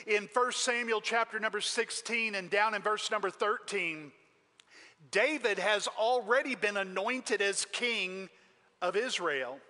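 A male pastor preaches with emphatic storytelling, his voice high-pitched and bright. A long reverb from the sanctuary trails every phrase. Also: unhurried. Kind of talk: sermon.

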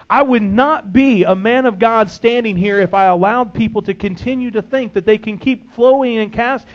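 A man's voice: high-pitched, muffled recording. A man preaching a sermon, emphatic, reading scripture and acting out a servant's complaints.

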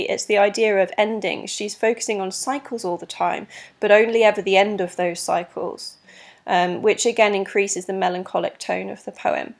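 Woman, teacher, recorded lesson, patient, clear, frequent ums, mid pitch. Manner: clear, patient, many ums, stresses rhythm aloud. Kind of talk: recorded exam lesson explaining poetry.

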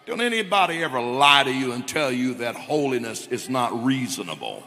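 A middle-aged man preaching a Pentecostal sermon with emphatic delivery that swells into shouts. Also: mid-range voice, sing-song, moderate pace, slight background noise. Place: church sanctuary. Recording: long church reverb.

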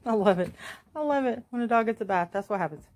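A woman in her forties with a Southern US accent, filming at home on a phone and talking to her pet in high, playful baby talk. She laughs often. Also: expressive, quick pace, darkish tone. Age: 40s. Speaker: crafting vlogger. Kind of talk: casual home video chat. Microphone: phone held in hand.

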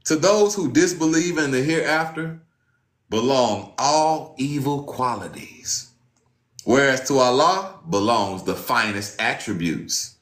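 A man giving an informal sermon, reading scripture aloud and talking in a casual, slangy way, swinging from loud exclamations to low muttering. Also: animated, slow pace, reverberant. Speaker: preacher.

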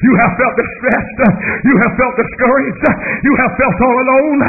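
A male holiness minister with a strikingly high voice, chanting and shouting his sermon in rolling rhythmic runs. He whoops between phrases, then sinks to hushed murmurs. The recording sounds narrow and phone-like, with a faint hiss underneath. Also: steady tone, normal speed. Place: church service with congregation.

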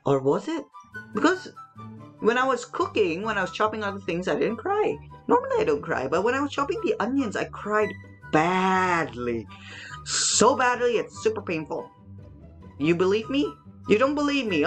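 A woman's voice: lowish voice, a bit bright. A young woman with a Hong Kong English accent hosts a children's lesson, chatting playfully, repeating herself and asking her viewers questions. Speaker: children's English teacher and host. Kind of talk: casual talk to children.

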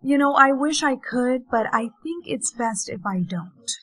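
A woman's voice: high-pitched, animated, unhurried, fairly bright tone. A young woman acting in comedy skits with a plaintive, put-upon delivery. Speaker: skit performer.

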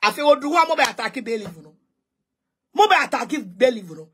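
Speaking fast in a sing-song, slightly high voice with a bit of brightness, this Ghanaian online commentator delivers a heated social media rant. She flips between English and Twi, firing off mocking questions again and again. Slight background noise can be heard.

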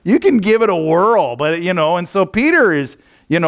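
A man's voice: high-pitched, big pitch swings, normal speed. Casual rambling male pastor preaching. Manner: conversational, rambling with frequent fillers and restarts. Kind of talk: sermon. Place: church.

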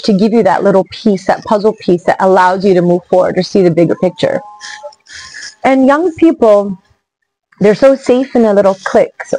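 A woman's voice: medium pitch, a little mellow, no echo, rough recording. A middle-aged woman giving an earnest, emphatic motivational talk to camera as a travel vlogger.

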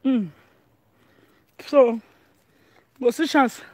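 A woman's voice: high voice, very slow, mellow, dry recording. A woman with a Nigerian accent chatting casually to her vlog audience, laughing often and speaking pidgin English. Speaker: vlogger. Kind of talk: casual home vlog chat.

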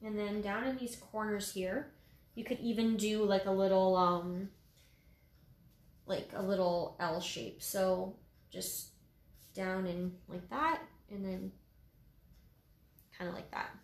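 A woman walks through a painting project in a relaxed, chatty way, sprinkling in "um" and "like" as she explains each stroke. Her voice sits in a middle range and carries a noticeable room echo. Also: medium pitch, slow, pauses often. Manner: easygoing, lots of fillers like "um" and "like". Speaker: painting instructor. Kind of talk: casual step-by-step painting tutorial. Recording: roomy echo.

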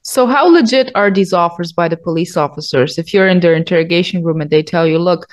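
Woman interviewer, curious questioner, lowish voice. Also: fast. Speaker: interviewer host.

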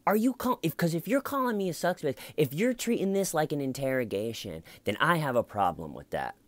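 A man voicing a flustered, defensive woman detective in a high, stammering, mocking voice. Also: sing-song, a little slow, dry recording. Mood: indignant.

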